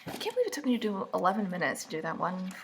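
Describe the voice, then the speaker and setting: A woman's voice: fairly low pitch, wildly swooping pitch, racing, slightly rough. A woman recapping a book in a casual, rambling way, full of snarky, mocking asides. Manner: casual and rambling, with many fillers. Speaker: vlogger.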